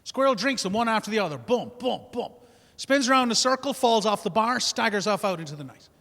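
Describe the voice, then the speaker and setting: A man's voice: high-pitched, lively intonation, brisk, a bit bright, long reverb tail. A man with an Irish accent, compering a comedy show, telling a joke and introducing the next act in a jaunty way.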